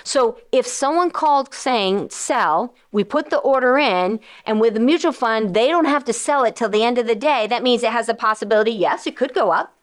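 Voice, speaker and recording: A woman financial advisor and radio host explaining investments in a casual, animated way, often acting out quoted voices of investors and funds. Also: on the high side, normal speed, few pauses. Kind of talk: casual explanatory talk to listeners.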